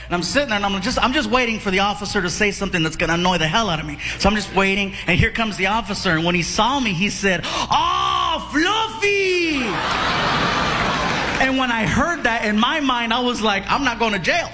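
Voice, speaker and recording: A stand-up comedian whose voice is run through an AI baby voice filter, telling stories with animated delivery and shouted punchlines. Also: male voice, high voice, quick pace, few pauses, heavy background noise.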